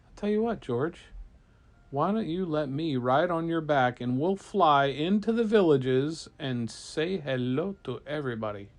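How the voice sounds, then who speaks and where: Man playing a brave young man riding a dragon, coaxing, bedtime-story voice, a bit high. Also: lively intonation, measured pace.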